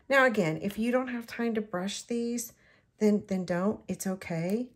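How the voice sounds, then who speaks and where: A middle-aged woman, chatting to herself and the viewer in an excitable way while she shows how to make a card. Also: mid-range voice, normal speed. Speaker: card-making demonstrator. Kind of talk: casual crafting tutorial.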